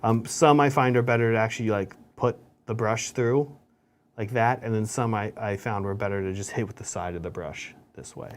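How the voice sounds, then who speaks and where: A man's voice: lowish voice, fairly even intonation, normal speed. A man co-hosting a hobby show, chatting casually and explaining each step as he paints miniatures. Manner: chatty, explains steps as he works.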